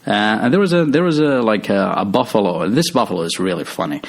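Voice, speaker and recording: A man's voice: lowish voice, big pitch swings, fast, slightly rough. A man casually retelling a movie's story, rambling with lots of fillers and restarts. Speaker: movie recap host.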